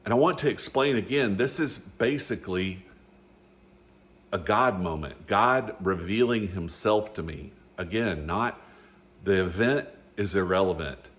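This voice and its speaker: A man's voice: fairly low pitch, measured pace, a bit bright. A middle-aged man telling a personal faith story in a rambling, earnest way. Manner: rambling and earnest, with frequent restarts. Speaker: storyteller sharing a faith testimony. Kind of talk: casual spoken testimony.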